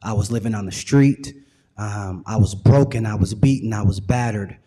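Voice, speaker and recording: A man's voice: fairly low pitch, dark tone. Earnest man giving testimony in a hall. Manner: earnest, measured, passionate. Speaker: guest speaker. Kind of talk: personal testimony. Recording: long hall reverb.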